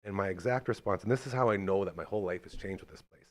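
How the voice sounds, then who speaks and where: Male podcast host, thirties, lower-pitched, energetic and rambling, casual chat. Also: racing. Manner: animated, fired-up, rambling.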